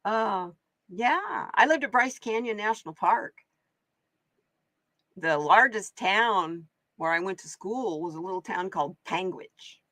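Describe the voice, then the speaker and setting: A chatty woman from Oregon hosts a live card-reading stream, tossing out exclamations and laughing easily. Her voice sits at a middling pitch. It is recorded close and dry, with little room sound. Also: animated, unhurried, a bit bright, no room sound. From Oregon, USA. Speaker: host and card reader. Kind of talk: casual live-stream chat.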